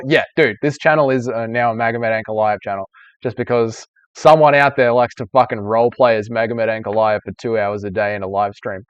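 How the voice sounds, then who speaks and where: A man's voice: lowish voice, steady tone, fairly quick, no room sound, muffled recording. A young man hosting a casual live-stream Q&A, chatty and rambling, swearing freely. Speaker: streamer host.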